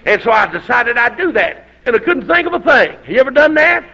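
A man's voice: very high voice, big pitch swings, fairly quick, gravelly. A middle-aged man with a Southern US accent and a sore throat, preaching a folksy, fervent revival sermon on a dull lo-fi recording. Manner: folksy storytelling, fervent, rising to shouts.

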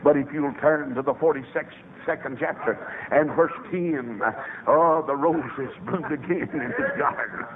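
A man preaching a revival sermon, telling stories with sudden soaring shouts. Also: a little high, unhurried, crowd noise. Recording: tinny phone-like old radio recording with faint hiss.

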